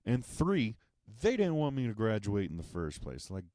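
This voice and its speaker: A man's voice: lowish voice, wildly swooping pitch, normal speed, dark tone, no room sound, studio quality. A man hosting a podcast, telling a sarcastic, profane and exasperated comedic monologue. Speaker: podcast host.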